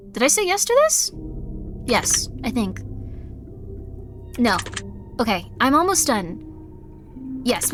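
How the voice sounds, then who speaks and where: A woman streaming a game live, giggling, apologizing and reading questions aloud before answering them. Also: a little high. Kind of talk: live gameplay commentary.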